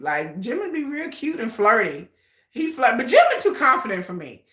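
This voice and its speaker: A woman's voice: a little high, normal speed, echoey room. A woman hosting a casual livestream, chatting and laughing often as she talks to her viewers. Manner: chatty, animated, laughs often, addresses chat as y'all. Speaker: livestream host.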